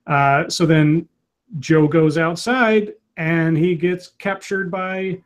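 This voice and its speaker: A man's voice: a little high, slow. A man co-hosting a casual chat, retelling a movie scene by scene with lots of restarts and acted-out quotes. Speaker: podcast co-host recapping a movie.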